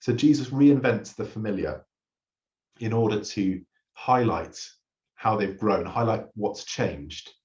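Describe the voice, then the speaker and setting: A man's voice: lowish voice, slow pace, a little mellow, echoey room, muffled recording. A man preaching a sermon, earnestly retelling a story and acting out the quoted lines. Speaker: pastor. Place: church hall.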